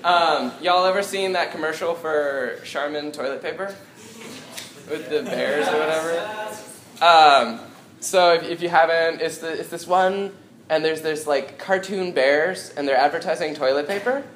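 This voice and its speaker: A man's voice: fairly high pitch, unhurried. A young man doing live stand-up comedy in a small coffeehouse, rambling and self-deprecating with lots of ums. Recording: echoey room, noisy live audience.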